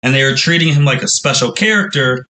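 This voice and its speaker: A man's voice: mid-range voice, lively intonation, fast talker, pushed and bright, poor audio. A man hosting a podcast, telling a long, rambling recap with frequent exclamations. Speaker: podcast host.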